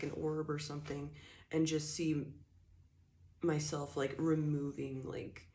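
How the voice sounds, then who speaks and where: A woman with a low, deep voice talks her way loosely through a spiritual tarot reading. She rambles and fills her sentences with casual filler words. The recording sounds roomy and echoey, with a faint hiss of background noise. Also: gravelly, darkish tone. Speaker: tarot reader.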